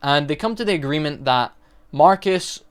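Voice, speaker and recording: A man's voice: fairly high pitch, expressive, moderate pace, clear, resonant tone. A man recapping a horror movie in a casual, rambling way, stopping often to correct himself. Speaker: movie reviewer.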